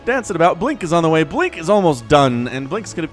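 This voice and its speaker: A man calls a real-time strategy match by himself, his voice leaping up and down and sitting a little high. He talks in an excitable, chatty way with jokes on the side and a case of the hiccups. Soft music plays faintly under him. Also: fast talker. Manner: excitable, laughs often, chatty asides. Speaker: game commentator. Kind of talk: solo esports play-by-play commentary.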